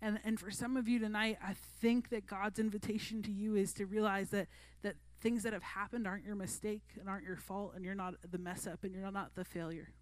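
A woman's voice: medium pitch, steady tone, fairly quick, hardly any pauses, no echo. A woman preaching a sermon to a youth group in an earnest, conversational way. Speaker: youth pastor.

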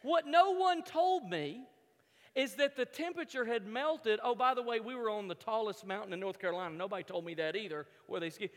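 High-voiced man telling a funny story in a hall. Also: fast talker, few pauses. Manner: animated, repeats words as he restarts, acts out his own thoughts. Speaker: speaker telling a story to an audience. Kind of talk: humorous personal story told from a stage.

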